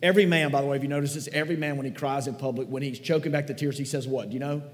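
Sentimental pastor in a reverberant hall. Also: male voice, mid-range voice, fairly even intonation, racing, few pauses. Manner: conversational, folksy, sentimental storytelling. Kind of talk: sermon. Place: large church hall.

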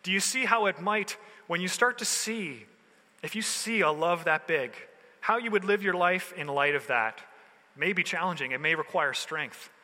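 Guy pastor preaching real casual, slangy, kinda high voice, big reverb like a big hall. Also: animated, normal speed, bright, forceful tone. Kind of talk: sermon.

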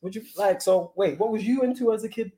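A man's voice: high-pitched, quick pace, crowd noise. A man from Manchester with a Mancunian accent, co-hosting a podcast in laid-back, teasing casual chat. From Manchester, England. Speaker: podcast co-host.

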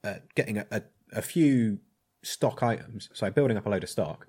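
A blacksmith telling a rambling, hesitant story in casual chat. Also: male voice, lowish voice, lively intonation, normal speed, a little mellow, slightly rough. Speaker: blacksmith and podcast co-host.

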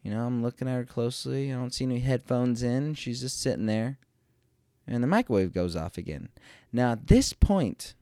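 A man's voice: mid-range voice, lively intonation, moderate pace, mellow, dry recording, studio quality. A man casually telling a rambling, self-deprecating story about his morning, with some swearing.

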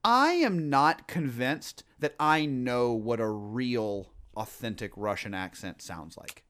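A man's voice: mid-range voice, slow pace, clear, resonant tone. A man co-hosting a podcast, chatting casually and telling long stories with lots of fillers and restarts. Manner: rambling, animated storytelling with many fillers. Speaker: podcast co-host. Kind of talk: casual chat.

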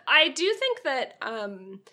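A woman's voice: sits high, big pitch swings, takes it slowly, pushed and bright. A woman co-hosting a casual podcast chat, chatty and full of fillers. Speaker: podcast co-host.

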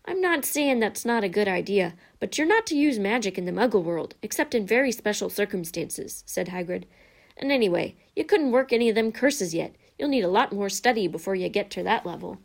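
A woman reader voicing a gruff, big-hearted giant groundskeeper who drops his g's and talks in a hearty, folksy way. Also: medium pitch, animated, brisk. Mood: kindly.

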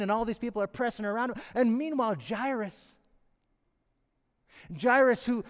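A man preaching a sermon who acts out the pleading voices of the characters in his story. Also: sits high. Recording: long hall reverb.

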